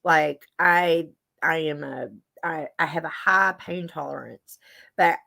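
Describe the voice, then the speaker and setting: A woman's voice: low voice, slow pace, vocal fry, pushed and bright. A woman, chatting and telling a story to her viewers as a show host. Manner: chatty storytelling, reading viewer comments aloud. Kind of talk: casual chat to a live audience.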